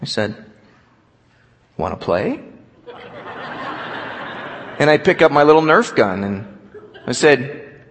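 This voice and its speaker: A man preaching a sermon, telling stories with animation and dropping to a quiet voice for scripture. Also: mid-range voice, takes it slowly, pauses often, a little hiss or hum. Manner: storytelling, animated, drops to quiet for quoted scripture. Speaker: pastor. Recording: long hall reverb.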